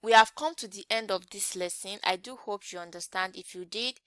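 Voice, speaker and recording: A woman's voice: mid-range voice, a little fast, background noise. A woman teaching an English grammar lesson online, often checking in with rhetorical questions.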